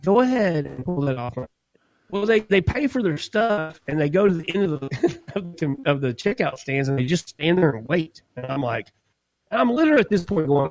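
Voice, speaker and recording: A man's voice: a little high, normal speed, low-quality recording. Laughing man telling a store story. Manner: animated, laughs while telling, acts out quotes. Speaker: podcast co-host. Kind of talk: casual storytelling.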